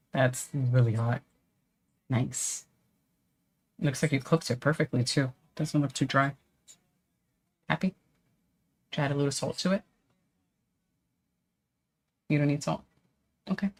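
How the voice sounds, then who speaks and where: A woman hosting a livestream, chatting casually and reading out viewer comments. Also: low-pitched. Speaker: livestream host.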